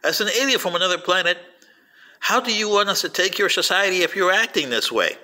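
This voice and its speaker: An older man rambling through a personal anecdote, acting out quoted voices with lively storytelling. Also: high-pitched, fairly quick. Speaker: vlogger playing an alien commentator.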